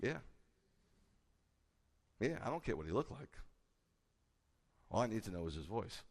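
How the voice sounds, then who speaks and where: Animated man preaching in a reverberant hall. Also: on the low side, unhurried. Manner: animated, rising to loud emphatic peaks. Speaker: rabbi. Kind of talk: sermon.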